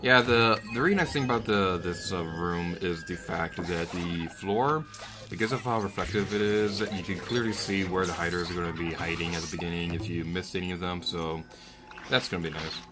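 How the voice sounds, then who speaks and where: A man giving jokey let's-play commentary, who rants and yells at enemies in the game. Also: low voice, moderate pace, over music.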